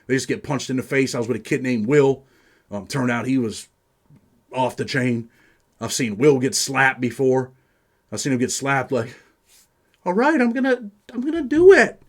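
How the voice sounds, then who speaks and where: A streetwise man from New York hosts, telling stories casually in the first person at medium pitch, normal speed, and fairly even intonation. He's profane and peppers his speech with "man."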